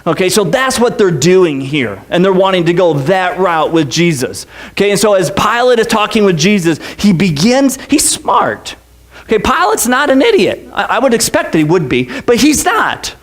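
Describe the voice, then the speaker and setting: A man with a notably high-pitched voice preaches in a church. His sermon is casual and joking, with frequent "okay"s and quick restarts. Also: very animated. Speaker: pastor.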